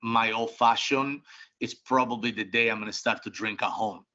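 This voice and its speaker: Blunt, bright-voiced middle-aged man. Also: mid-range voice, steady tone, normal speed. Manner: blunt, emphatic, with frequent restarts and colloquial swearing. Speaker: restaurant group CEO, interview guest. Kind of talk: casual interview answers. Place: home office. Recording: dull lo-fi sound.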